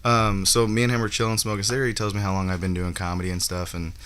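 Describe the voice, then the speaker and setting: A man's voice: lowish voice, rapid-fire, clean tone. A young man on a casual comedy podcast, telling a story with lots of laughter and acted-out quotes. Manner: animated, laughs often, acts out quotes. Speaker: guest comedian.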